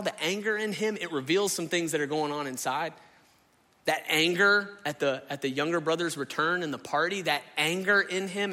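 Animated preacher in a reverberant hall. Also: male voice, fairly high pitch. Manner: animated, conversational, acts out the people he describes. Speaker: pastor. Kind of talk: sermon. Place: church sanctuary.

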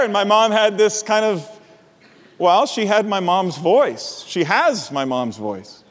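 A middle-aged man preaching a sermon as pastor, earnest, rising to emphatic peaks and dropping low and quiet for weight. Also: big pitch swings, slow pace, in a large hall.

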